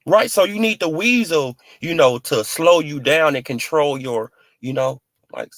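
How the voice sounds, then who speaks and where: Higher-pitched man, slangy boxing rants. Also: a little slow, few pauses, no room sound. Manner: animated, mocking, heavy on "you feel what I'm saying". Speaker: boxing commentary vlogger. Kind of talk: casual slang-heavy commentary.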